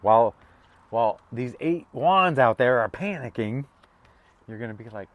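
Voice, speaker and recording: A man's voice: mid-range voice, lively intonation, moderate pace. Rambling, emotional man reading tarot. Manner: rambling, emotional, with many restarts and self-interruptions. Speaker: tarot reader. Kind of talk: casual spiritual tarot reading.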